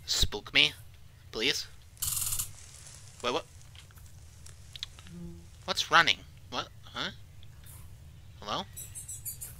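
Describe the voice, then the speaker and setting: Man voicing a jumpy, foul-mouthed let's-play commentary; sharp bright tone, pitch leaping around. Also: low-quality recording. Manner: jumpy, swears a lot, reacts loudly to scares. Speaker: gaming YouTuber.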